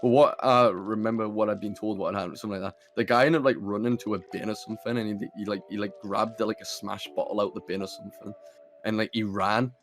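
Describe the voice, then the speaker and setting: Recorded through a computer camera mic, a young podcast host tells a rambling, sweary story packed with fillers in a casual storytelling style. He has a lowish voice, a steady tone and a quick pace.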